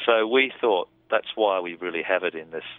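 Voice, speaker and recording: A man's voice: low-pitched, moderate pace, no echo. A man, a film director, talking about his film in a casual interview, thoughtful and rambling with restarts. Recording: tinny phone line.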